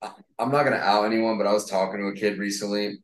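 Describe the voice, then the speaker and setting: A man's voice: lowish voice, fairly even intonation, fast talker. A young man from Florida co-hosting a podcast, chatting loosely and saying "like" all the time. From Florida, USA. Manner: loose, filler-heavy talk, says "like" constantly. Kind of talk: casual podcast chat. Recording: roomy echo.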